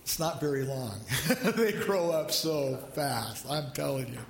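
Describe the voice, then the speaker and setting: Conversational pastor in echoey church. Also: male voice, a little high, expressive, measured pace, creaky, slight background noise. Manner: conversational storytelling with prayer. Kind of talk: sermon.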